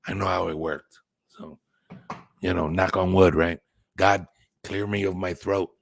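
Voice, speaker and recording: A man's voice: low-pitched, steady tone, measured pace, creaky, dry recording. A man hosting a casual livestream, chatting with viewers in a rambling way, swearing now and then and thinking aloud. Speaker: channel host reading live chat.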